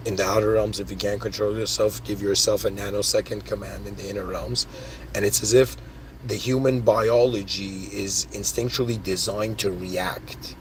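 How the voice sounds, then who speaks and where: A man hosting his own podcast, rambling excitedly through spiritual ideas in a casual monologue, full of "dude" and "like". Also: fairly low pitch, normal speed, a little hiss or hum. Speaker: podcast host.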